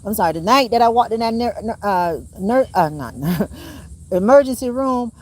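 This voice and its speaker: A woman's voice: on the high side, expressive, normal speed. A woman vlogging in a casual monologue, rambling and emphatic, swearing often and calling her viewers y'all. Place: rented home.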